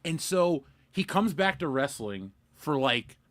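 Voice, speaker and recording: A man's voice: on the high side, measured pace. A man co-hosting a pop culture podcast, rambling through stories in casual chat. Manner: rambling, animated storyteller. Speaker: podcast co-host.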